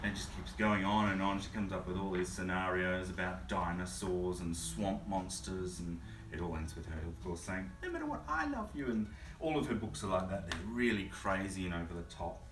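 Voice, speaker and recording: A man's voice: low voice, moderate pace. Chill guy rambling about kids books, lots of ums, echoey room kinda far off. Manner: relaxed, hesitant with fillers. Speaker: children's author. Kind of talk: casual book chat and read-aloud. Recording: roomy distant mic, faint hum.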